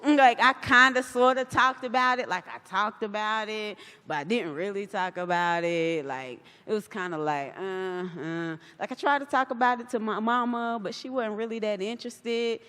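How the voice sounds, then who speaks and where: Woman guest speaker, casual and animated, lots of acted-out quotes, live in a large reverberant hall. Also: medium pitch, moderate pace, few pauses. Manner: chatty and animated, acts out quoted voices. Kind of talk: casual talk to a live audience.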